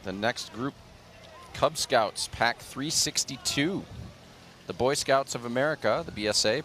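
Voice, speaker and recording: This is a man doing live commentary for a local TV parade broadcast. He moves between reading sponsor and group blurbs and loose banter. His pitch sits mid-range, and faint street sounds run beneath his voice. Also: fairly bright tone, slight background noise. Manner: reads sponsor blurbs, then chats loosely.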